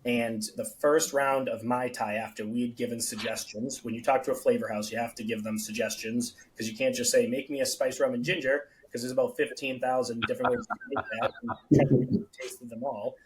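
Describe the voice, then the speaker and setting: Male founder, podcast guest, middle pitch, lively storyteller who acts out the dialogue. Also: brisk, slight background noise, low-quality recording. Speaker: guest, beverage company founder.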